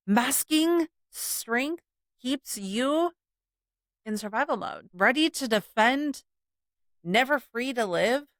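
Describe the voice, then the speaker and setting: A woman's voice: mid-range voice, no room sound, clean studio sound. A woman hosting her own podcast, talking earnestly and emphatically in a reflective solo monologue, repeating key points. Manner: earnest, emphatic, with repetition and soft laughs. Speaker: podcast host.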